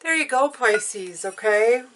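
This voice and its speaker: A woman giving a casual spoken tarot reading, gentle and chatty, speaking directly to her listeners and often checking in with "okay?". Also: fairly high pitch, animated, slow pace, slight background noise, rough recording. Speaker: tarot reader.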